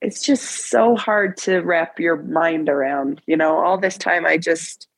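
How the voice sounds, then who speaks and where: Low husky woman telling her story. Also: no echo, rough recording. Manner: emotional, halting with restarts. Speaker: interview guest. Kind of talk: personal storytelling in an interview.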